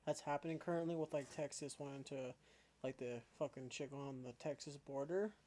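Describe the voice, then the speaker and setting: A man's voice: a little high, fairly quick. A man chatting casually as co-host of a reaction video, joking and swearing freely. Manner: profane, joking, quiet.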